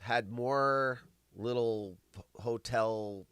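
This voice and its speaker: A middle-aged man hosting a live show, rambling and swearing, with big swings between loud bursts and mumbling. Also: mid-range voice, extremely slow, clear, resonant tone, no room sound. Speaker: podcast host. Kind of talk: casual live-stream chat.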